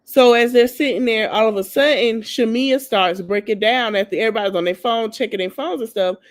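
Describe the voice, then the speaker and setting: A woman's voice: on the high side, a little fast. Chatty gossiping woman podcast host. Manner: chatty gossipy storytelling, slangy, addresses listeners as y'all; acts out the people she quotes. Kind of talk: casual TV recap chat.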